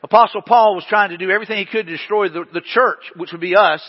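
A male pastor with a high, husky voice delivers a folksy, story-driven sermon to his congregation. His voice trails off into a long church-hall echo, and the recording sounds dull and lo-fi. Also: quick pace. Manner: conversational, storytelling preaching with folksy asides.

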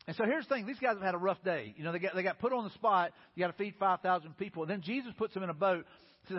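Preacher, quick and chatty, slightly raised pitch, acts out the voices in his story. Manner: conversational, acts out quoted voices. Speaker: pastor. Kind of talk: sermon. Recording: muffled sound in a reverberant hall.

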